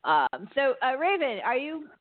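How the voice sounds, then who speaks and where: A woman's voice: high-pitched, sing-song, unhurried, no room sound. A woman co-hosting a casual podcast chat, talking loosely with many fillers and frequent laughs. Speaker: podcast co-host. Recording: dry, phone-like line.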